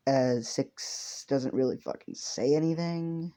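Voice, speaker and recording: A young man telling an improvised story off the cuff, rambling and swearing a lot. His voice sounds mellow and dark in tone. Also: mid-range voice, moderate pace.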